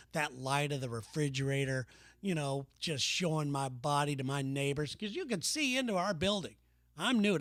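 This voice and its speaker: A man's voice: a little high, dry recording, studio quality. A man hosting his own comedy podcast, telling a story in a profane, exasperated, self-mocking way. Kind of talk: comic storytelling monologue.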